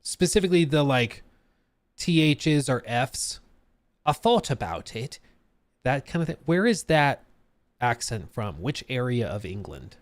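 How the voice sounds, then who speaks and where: Lively, animated man streaming. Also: medium pitch, measured pace, no room sound. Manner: animated, chatty, laughs at own tangents. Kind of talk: live-stream reaction chat.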